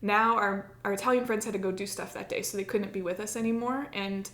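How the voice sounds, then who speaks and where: Woman, casual storyteller, chatty, mid-pitched, roomy echo. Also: fairly even intonation, a little fast, a bit bright. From United States. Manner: chatty, many likes, acts out her own past lines. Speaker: podcast co-host.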